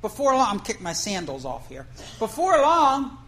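A woman's voice: on the high side, sing-song, moderate pace, fairly bright tone, low-quality recording. A woman preacher telling a fishing story in a folksy, conversational way, asking the congregation questions. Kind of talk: storytelling sermon.

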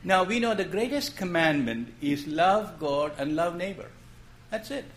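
Slow, expressive male preacher. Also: high-pitched. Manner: gentle, storytelling preacher with rising questions and soft drops. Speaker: pastor. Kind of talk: sermon.

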